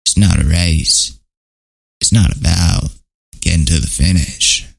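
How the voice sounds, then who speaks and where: A man putting on a movie-star impression, slow, low and drawling. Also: vocal fry, breathy edge, exaggerated voice. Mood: laid-back.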